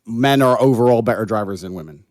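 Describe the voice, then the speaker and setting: A man's voice: on the low side, quick pace, a little mellow. A man guesting on a live stream debate, challenging the other side in a combative, mock-formal way. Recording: played from a stream recording.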